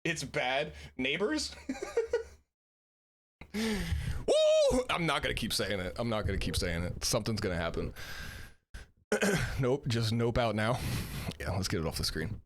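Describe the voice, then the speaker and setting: A man streaming, reacting to videos with animated, swearing commentary and frequent laughter. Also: medium pitch, normal speed.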